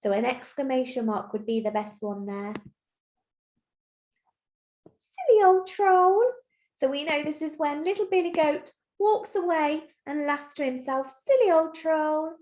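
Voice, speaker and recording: A woman teacher giving a recorded lesson to young children, explaining clearly and patiently step by step. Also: sits high, normal speed, hardly any pauses, darkish tone. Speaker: primary school teacher. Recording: roomy echo.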